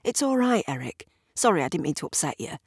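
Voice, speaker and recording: A woman voicing a gentle, apologetic young man who murmurs softly and hesitates in a storybook reading. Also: deep voice, very animated, fast talker, slightly rough, no echo, clean studio sound, heavily acted. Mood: hesitant.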